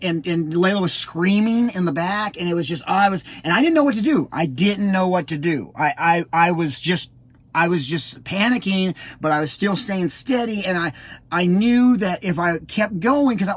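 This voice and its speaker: A middle-aged man telling a personal story as a parent, halting and full of restarts, acting out the quotes. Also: high-pitched. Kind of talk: casual spoken storytelling.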